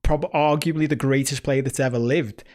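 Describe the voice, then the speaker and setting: Man, mid-pitched voice, casual podcast chat, relaxed, sweary, anecdote-driven. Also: moderate pace. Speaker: podcast co-host.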